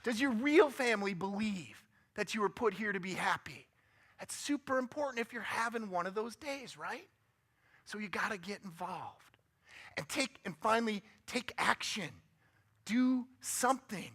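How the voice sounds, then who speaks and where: A man's voice: high voice, animated, moderate pace, a bit bright. A man giving a motivational guest talk in church, upbeat and joking, often asking the audience questions. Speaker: guest speaker. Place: church sanctuary.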